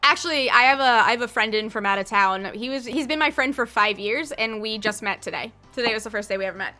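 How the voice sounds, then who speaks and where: A woman with a high, bright voice runs a tabletop game as its game master. She narrates in a chatty way, stringing her sentences together with lots of "like"s. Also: quick pace, faint music behind. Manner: chatty, many filler "like"s.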